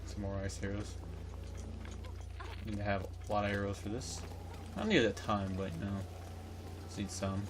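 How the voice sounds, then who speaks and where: A man giving casual, chatty commentary while playing a video game, relaxed and joking about the voices he reads. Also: lowish voice, normal speed, pauses often, noisy background. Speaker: let's play host.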